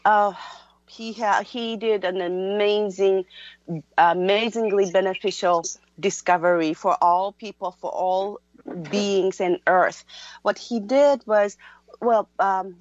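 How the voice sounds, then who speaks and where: Woman radio guest, mid pitch, polite and a bit halting, slightly muffled call-in sound. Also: fairly even intonation. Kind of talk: guest interview.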